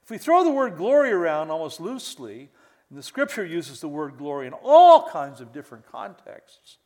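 A man's voice: fairly high pitch, wildly swooping pitch, normal speed, darkish tone. An older man, a pastor preaching a sermon to church leaders with many restarts and mock exclamations.

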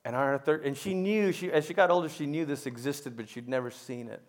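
Man, middle-aged pastor, sermon, loud peaks then hushed, stammering restarts. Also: mid-range voice, a little fast. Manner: swings from loud emphatic peaks to soft hushed storytelling.

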